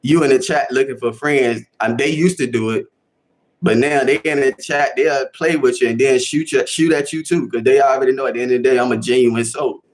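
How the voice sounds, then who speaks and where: A young man with a Chicago accent hosting a casual livestream, talking to his chat in a slangy, animated way and repeating himself for emphasis. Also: mid-range voice, fairly quick. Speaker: livestream host.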